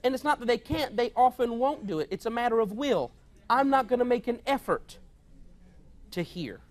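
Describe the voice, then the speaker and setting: A man's voice: very high voice, lively intonation, moderate pace, a faint crowd. A male pastor giving a conversational, humorous sermon, telling stories from home and often laughing as he talks. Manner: storytelling, mimics household conversations, often laughing.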